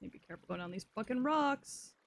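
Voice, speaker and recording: A young woman chatting casually with her viewers while playing a game, swearing often and reacting loudly to chat messages. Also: fairly high pitch, expressive, quick pace, vocal fry, dry recording. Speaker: streamer. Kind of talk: casual live-stream chat while gaming.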